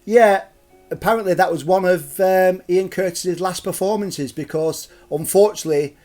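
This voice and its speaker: A man's voice: sits high, moderate pace, a little mellow, faint music behind. A middle-aged man hosting a live storytelling stream, chatty, jokey and digressive. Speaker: storyteller and host.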